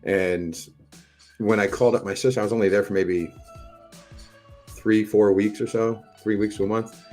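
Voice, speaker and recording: A man's voice: lowish voice, steady tone, normal speed, pauses often, a little mellow, soft background music. A middle-aged American man hosting a casual livestream, rambling and swearing as he chats with viewers and tells stories. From United States. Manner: rambling, profane, chatty storytelling. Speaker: livestream host. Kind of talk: casual chat to a live audience.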